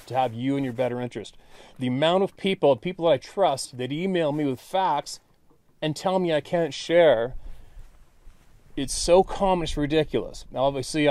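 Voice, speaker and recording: A man's voice: mid-range voice, darkish tone, no room sound. A man hosting his own channel, talking straight to viewers in a blunt, frustrated way, with some swearing. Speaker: channel host. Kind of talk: casual monologue to viewers.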